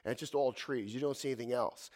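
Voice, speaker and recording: A man in his fifties preaching a sermon in a church, animated, swinging from loud exclamations to hushed asides. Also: medium pitch, fast talker. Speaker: pastor.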